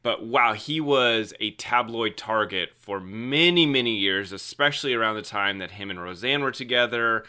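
A man hosting a podcast, chatting loosely and excitably with lots of "like". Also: lowish voice, normal speed, few pauses, clean tone. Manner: loose, excitable, heavy use of "like". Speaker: podcast host. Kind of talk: casual podcast chat.

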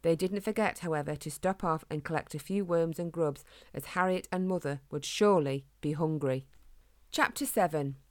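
A woman reads a children's storybook aloud, calm and gentle in her storytelling. Her voice is fairly low, and the sound is dry and close to the mic. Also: normal speed, dry recording. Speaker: narrator. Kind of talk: storybook reading.

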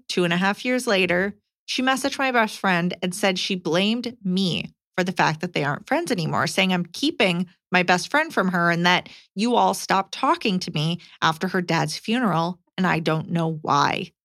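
A woman co-hosting a casual podcast, reading a listener letter aloud with lively emphasis. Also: on the low side, moderate pace, dry recording, studio quality.

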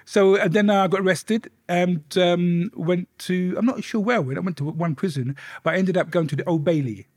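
A middle-aged man, a softly spoken interview guest telling his life story and swearing freely. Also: high-pitched, normal speed, hardly any pauses, dry recording, clean studio sound.

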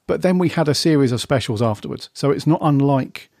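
A man's voice: medium pitch, lively intonation, a little fast, vocal fry, darkish tone, dry recording, clean studio sound. A man co-hosting a casual fan podcast, talking at length in a rambling, chatty way and turning to his co-host for his view.

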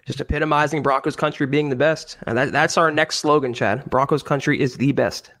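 Opinionated co-host, fairly high male voice. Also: steady tone, fairly bright tone. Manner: opinionated, quick to laugh. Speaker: podcast co-host. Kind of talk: casual sports opinion chat.

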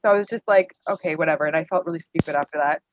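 A woman's voice: deep voice, racing, background noise. A woman in an interview, candidly telling personal stories in a rambling way full of "like". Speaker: guest. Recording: dry tinny phone-like line.

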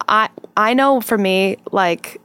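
A woman guest on a comedy podcast, chatting candidly and telling animated stories with quoted voices. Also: mid-range voice, takes it slowly, clean tone. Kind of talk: casual chat.

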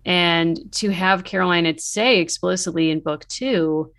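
Lively low-voiced woman chatting. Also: measured pace, dry recording, studio quality. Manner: animated, filler-heavy, mimics characters in quotes. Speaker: podcast co-host. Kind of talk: casual chat about books.

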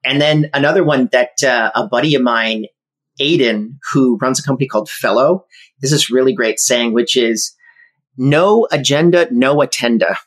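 A man who is an entrepreneur and podcast guest, explaining his views in a measured way. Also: mid-range voice, steady tone, a bit bright. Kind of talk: casual interview chat.

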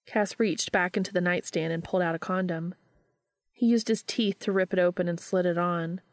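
A woman narrating a story in a steady, even-paced reading. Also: on the low side, creaky, no echo, studio quality. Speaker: audiobook reader.

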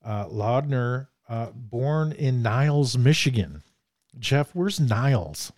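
A man's voice: medium pitch, lively intonation, slow pace, a little mellow, no echo, studio quality. A man hosting a casual movie discussion podcast, joking and reading from his notes. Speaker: podcast host.

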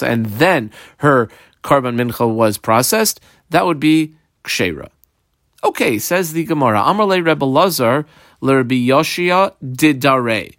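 A man leads a Talmud class in a mid-pitched voice, reading lines of Aramaic and then unpacking them in English. He keeps the explanation lively with rhetorical questions that he answers himself. The sound is dry and close, with no room echo. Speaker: Talmud teacher.

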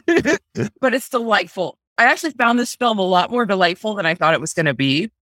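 A woman's voice: mid-range voice, lively intonation, a little fast, a bit bright, no room sound, studio quality. A woman co-hosting a casual podcast, reviewing a bad movie in a wry, amused way. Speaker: podcast co-host.

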